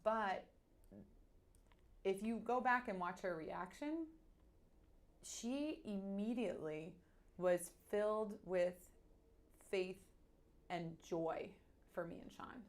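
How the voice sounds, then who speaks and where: A woman, candidly telling a personal story in a halting, animated way full of restarts. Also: mid-range voice. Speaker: guest.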